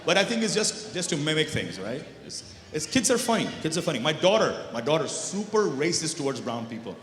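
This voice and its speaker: Comic man working the room: high, bright voice that swings all over, teasing and chatty, echoey banquet hall. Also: big pitch swings, brisk. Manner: teasing, chatty, laughs at own jokes. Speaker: stand-up comedian. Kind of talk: stand-up comedy with crowd work.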